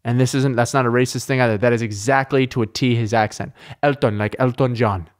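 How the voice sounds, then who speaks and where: Canadian man, podcast host, rambling excitable casual chat, swears constantly, mid-pitched voice. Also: quick pace.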